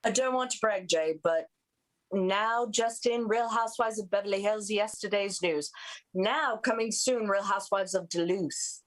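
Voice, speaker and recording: A woman's voice: mid-range voice, normal speed, low-quality recording. A woman performing an improv comedy news bit, delivering puns in a mock-newsy way.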